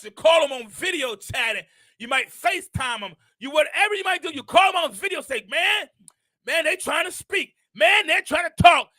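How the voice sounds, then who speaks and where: An older man hosting a show, preaching a motivational message with impassioned repetition that rises into shouts. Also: very high voice, no echo. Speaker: host.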